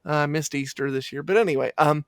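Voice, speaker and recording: A male funeral director, talking in a halting, reflective way during a casual interview and often restarting his sentences. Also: a little high, dry recording.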